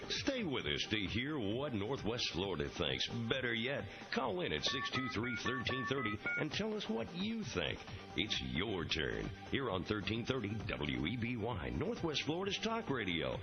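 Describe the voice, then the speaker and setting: A man's voice: on the low side, huge pitch swings, moderate pace, creaky. A man reading a scripted radio station promo as an announcer, in a punchy, sing-song delivery, over music on muffled broadcast audio.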